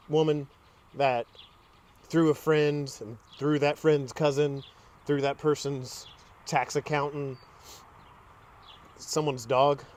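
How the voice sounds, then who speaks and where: A man hosting a home garage channel, talking through a truck repair in a casual, chatty way and drifting into side stories. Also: fairly high pitch. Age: adult. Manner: chatty storyteller, drifts into tangents. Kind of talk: casual how-to narration.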